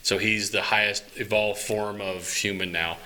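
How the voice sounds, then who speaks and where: Bright-voiced joking man in casual chat. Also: on the low side, steady tone, moderate pace. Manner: joking, explains news with small laughs. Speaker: podcast co-host.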